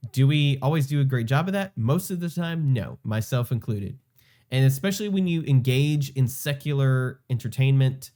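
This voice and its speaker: A man's voice: mid-range voice, darkish tone. Earnest man reacting in conversation. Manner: earnest, conversational, frequent fillers. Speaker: YouTube commentator. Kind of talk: reaction commentary.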